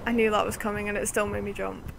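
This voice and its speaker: A woman co-hosting a gaming video, chatting casually over gameplay. She is giggly and jokey, with a mid-pitched voice. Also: little pitch movement, fast talker, creaky, noisy background.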